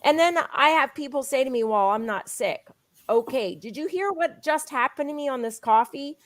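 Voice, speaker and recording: Woman guest, higher voice, dry close sound, pushes a product with eager testimony. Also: animated, no room sound. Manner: eager, insistent, fast storytelling. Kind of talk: sales pitch with personal testimony.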